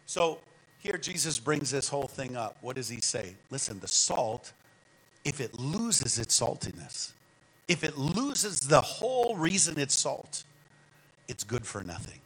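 A man preaching a sermon as guest speaker, animated and calling on the congregation to answer back. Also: medium pitch, measured pace, slightly rough, poor audio. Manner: animated, calls the congregation to respond.

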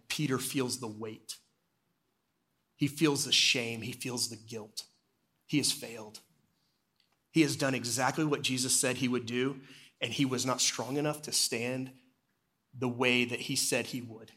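A man, an executive pastor, preaching a sermon and retelling a story, dropping low and quiet at solemn moments.

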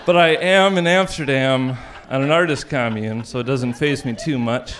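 A man's voice: mid-range voice, moderate pace, background noise. Wry man telling a story on stage. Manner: wry, animated, laughing through the story. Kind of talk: live personal storytelling.

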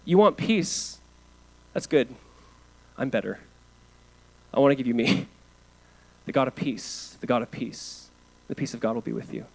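A pastor delivering a sermon, moving from hushed, earnest lines to loud emphatic ones, with casual asides and fillers. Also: male voice, medium pitch, animated, unhurried, pauses often, low-quality recording.

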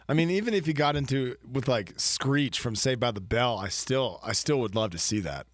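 A man co-hosting a casual sports podcast, rambling and joking with excitement. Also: mid-range voice, normal speed, hardly any pauses. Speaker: podcast co-host.

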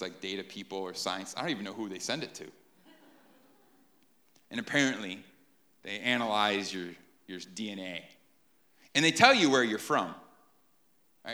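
A man preaching an animated sermon to a live congregation, often checking in with "right?". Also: lowish voice. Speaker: pastor.

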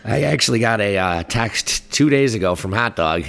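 A man's voice: fairly low pitch, normal speed, creaky. A man co-hosting a podcast in a tavern, telling a story in casual chat and laughing often as he goes. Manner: animated, laughs often through his story. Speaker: podcast co-host. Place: tavern where the podcast is recorded.

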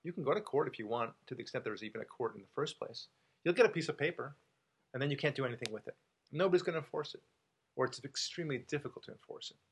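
A man's voice: medium pitch, animated, racing, husky. An American man hosting a casual talk show, making his points with emphasis, repeating them and using many fillers. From United States. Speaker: podcast host and author.

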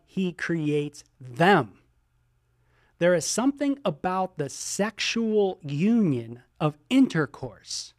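Animated male pastor, dry close sound. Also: fairly high pitch, no room sound. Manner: animated, exclaims and voices imagined listener reactions; many ums and you-knows. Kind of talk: sermon teaching.

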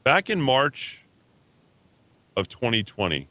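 A man's voice: mid-range voice, takes it slowly, no room sound. A tired man hosting a talk radio show, ranting bluntly and combatively about politics. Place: radio studio. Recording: steady keyboard typing and clicks behind.

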